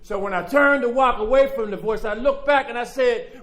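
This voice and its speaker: A man giving a profane, streetwise recovery talk as guest speaker at a conference, building up to shouting like a preacher. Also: high voice, moderate pace, hardly any pauses. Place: conference hall. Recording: echoey hall.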